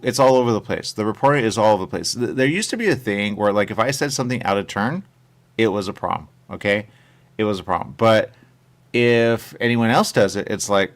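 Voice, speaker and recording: A man hosts a casual talk radio show with a low, gravelly voice. He rambles loosely from one thing to the next. He keeps acting out what people say in quick little voices. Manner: rambling, repeats "there you go", quotes people in little voices. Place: radio studio.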